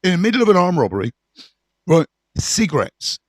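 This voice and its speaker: A middle-aged man, telling his story to camera in a candid, animated way, swearing freely and full of fillers. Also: sits high, fairly quick, no room sound.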